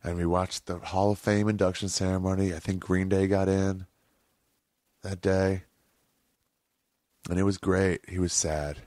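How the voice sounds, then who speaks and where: A man's voice: low voice, level tone, measured pace, long pauses, darkish tone, no echo, clean studio sound. A man hosting a podcast, telling a long rambling story in casual, profane talk, often correcting himself mid-sentence. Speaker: podcast host.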